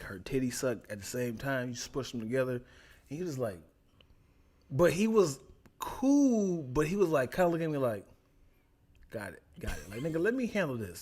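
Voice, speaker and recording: A young man telling stories in casual chat, animated, often jumping into high voices for people in his stories. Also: normal speed. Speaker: podcast guest telling stories.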